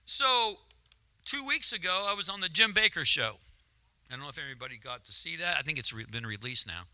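A man's voice: fairly high pitch, animated, brisk, pushed and bright, dry recording. A man preaching a sermon testimony, turning emotional and building to fervent, rising exclamations. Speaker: guest preacher. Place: church sanctuary. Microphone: handheld mic, at times held away.

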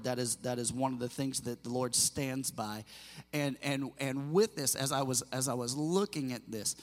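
A male pastor delivers a sermon in a church sanctuary, speaking earnestly and with feeling. He often stumbles, repeats words and restarts his sentences. His voice sits at a middle pitch and carries a long, echoing reverb from the hall. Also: moderate pace.

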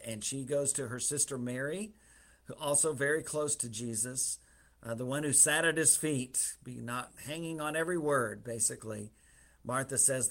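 A man preaching a sermon, retelling a scripture story in a conversational, folksy way with light humor. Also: medium pitch.

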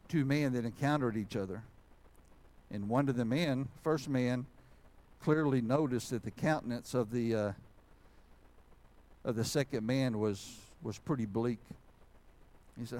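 A man preaching a sermon, carrying a folksy story with an animated, conversational delivery. His voice sits at a middle pitch. A faint hum of the church hall stays behind him. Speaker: pastor. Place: church sanctuary.

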